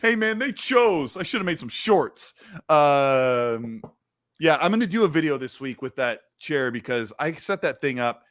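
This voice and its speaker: A man's voice: fairly high pitch, sing-song, unhurried, fairly bright tone, dry recording, studio quality. A man hosting a casual gaming livestream, chatting loosely and reading viewer messages aloud. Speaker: host.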